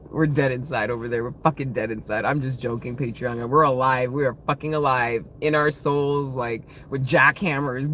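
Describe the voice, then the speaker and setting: This tarot reader, a woman in her thirties, has a rumbling low but fairly bright voice, talking at a moderate pace with few pauses over slight background noise. Her casual live-stream reading is full of swearing, frequent laughter, open emotion and playfulness.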